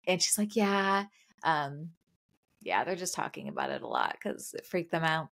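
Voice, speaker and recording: A woman in her thirties co-hosting a podcast, telling a story in animated casual chat and laughing often. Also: on the low side, moderate pace. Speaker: podcast co-host.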